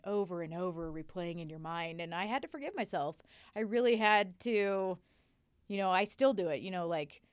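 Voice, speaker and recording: A woman speaking as a guest on a podcast, her voice smooth and clear as she talks openly and with emphasis. The recording is close and dry, with no room sound. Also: lowish voice, lively intonation, normal speed, no echo. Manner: open, emphatic, leans on "you know". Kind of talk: candid recovery podcast talk.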